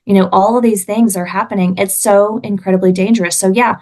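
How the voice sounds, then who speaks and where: A woman's voice: medium pitch, steady tone, brisk, a little mellow. A woman from Alabama, a podcast guest talking passionately and often restarting her sentences. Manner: impassioned, frequent restarts. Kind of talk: casual conversation.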